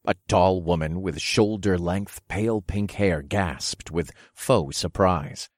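A man narrating a dark fantasy audiobook in the first person, steady and dramatic. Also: sits low, takes it slowly, dry recording, studio quality.

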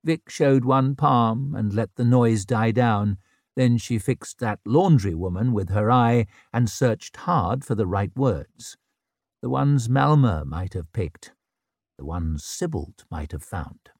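Slow, wry male audiobook narrator. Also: mid-range voice, animated, gravelly, darkish tone, dry recording, studio quality.

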